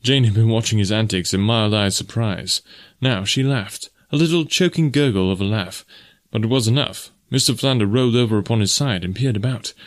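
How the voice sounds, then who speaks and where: Guy reading an audiobook, lowish voice, calm steady narration. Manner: steady, measured storytelling. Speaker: audiobook narrator and podcast host.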